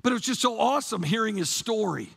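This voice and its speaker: A man's voice: sits high, expressive, fast talker, gravelly, a bit bright, husky. A man preaching a sermon to his church, fervent and casual, repeating "man" and restarting his phrases. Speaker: pastor.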